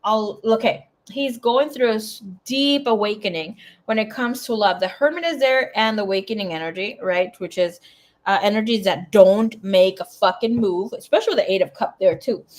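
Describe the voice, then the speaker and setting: A woman giving a casual tarot reading in a chatty, blunt way, swearing freely as she talks. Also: medium pitch. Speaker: tarot reader.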